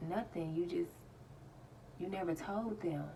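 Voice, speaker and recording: A woman's voice: on the low side, unhurried, warm tone, far from the mic, slight background noise, low-quality recording. A woman casually telling her viewers a story, laughing often as she retells it. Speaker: vlogger.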